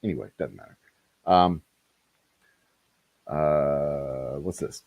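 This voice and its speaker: Deep-voiced man rambling on a livestream. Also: takes it slowly, creaky, a little mellow, no room sound. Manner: rambling, talks to chat, self-deprecating jokes. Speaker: distillery owner hosting a livestream. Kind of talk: casual livestream chat.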